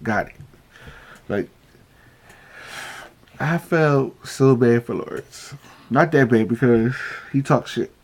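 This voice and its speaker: A man's voice: medium pitch, takes it slowly, long pauses, a little mellow. A man recapping a reality show in a casual vlog, telling it as profane, gossipy stories and acting out what people said. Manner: acts out quoted lines.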